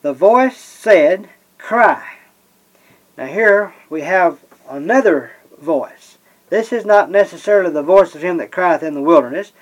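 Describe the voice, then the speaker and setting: A man's voice: a little high, rough recording. Man preaching verse by verse. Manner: slows and stresses scripture readings, many "uh" pauses. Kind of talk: expository Bible sermon.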